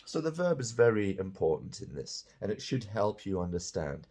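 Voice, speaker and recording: A man's voice: on the low side, very animated, moderate pace, mellow, slightly rough. A man teaching English grammar, patiently explaining example sentences and checking in with "okay?". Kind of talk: grammar lesson.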